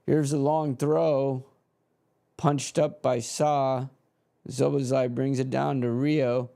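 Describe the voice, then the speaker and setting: A man calling a football match live as a fan. He shifts between flat calm and loud, swearing outbursts of frustration. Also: medium pitch, slow pace, creaky. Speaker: fan commentator on a match watch-along. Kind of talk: live play-by-play commentary.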